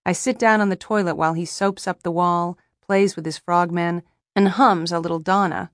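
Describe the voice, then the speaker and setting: A young woman narrating a first-person audiobook with a wry, even storytelling manner, close to the mic. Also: on the low side, normal speed, dry recording.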